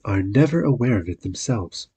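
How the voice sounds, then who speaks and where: A man voicing a kind, truthful young woman, speaking earnestly in a raised, husky voice. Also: lowish voice, animated, moderate pace, dark tone, heavily acted. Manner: earnest, firm.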